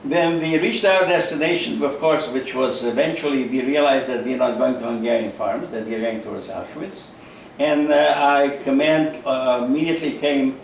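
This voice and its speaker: This interview testimony comes from a Holocaust survivor in his 90s from Carpatho-Ruthenia in Eastern Europe. His mid-range voice is gravelly with a creaky edge, and he pauses for fillers and repeats words as he speaks slowly and haltingly. He sounds far from the mic in a room with strong echo and a faint hiss.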